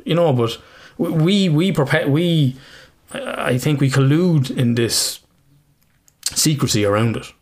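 Man, 30s, gravelly podcast co-host, rambling and loose, swears freely. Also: on the high side, a little slow. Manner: rambling, swears casually, laughs often. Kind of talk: casual chat.

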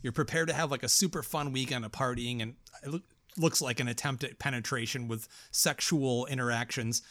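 A man's voice: medium pitch, fairly quick, dry recording. A man co-hosting a casual horror movie podcast, rambling and swearing as he talks. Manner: profane, rambling, animated. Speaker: podcast co-host. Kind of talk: casual film discussion.

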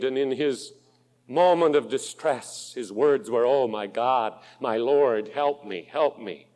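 A man preaching a sermon in an auditorium, slow and impassioned, dropping to a hush and rising to loud pleas. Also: medium pitch. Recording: long hall reverb.

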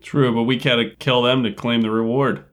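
A man's voice: mid-range voice, flat delivery, a little fast. A man playing a tabletop game, joking and swearing. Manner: joking, profane. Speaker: player. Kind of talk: casual game chat.

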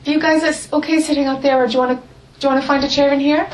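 Woman teacher, fairly high voice, affirming and guiding a student; mic sits at a distance. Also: fairly even intonation. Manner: affirming, quick agreeing replies. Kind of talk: dialogue with a student.

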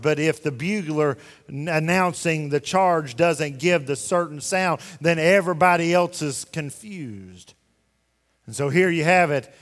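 A man preaching a sermon in a church, folksy and emphatic, firing rhetorical questions at the congregation. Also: on the high side. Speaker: pastor. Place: church sanctuary. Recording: long hall reverb.

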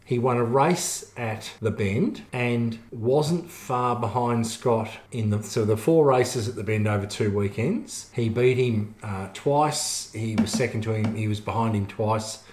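A boisterous Australian man hosts a casual podcast and jokes crudely as he goes. His voice sits at a middling pitch. The room around him sounds echoey. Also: unhurried, few pauses, a little mellow, slight background noise. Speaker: podcast host. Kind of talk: casual chat.

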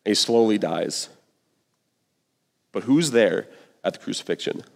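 A man's voice: lowish voice, animated, a little slow, gravelly, in a large hall. A male pastor giving a sermon in an earnest, conversational way, full of casual slang.

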